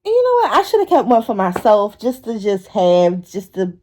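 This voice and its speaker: Animated storytelling woman, lively voice. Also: medium pitch, moderate pace. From Philadelphia. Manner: animated, swears, acts out kids' voices. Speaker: vlogger. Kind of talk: casual storytelling. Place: outdoors in public.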